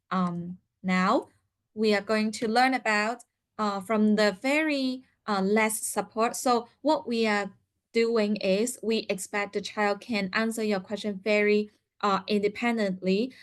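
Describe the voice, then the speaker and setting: Woman explaining to parents, many fillers. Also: mid-range voice. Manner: explains step by step, many "uh" fillers, acts out parent and child lines. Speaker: parent seminar speaker. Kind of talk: teaching parents in a seminar.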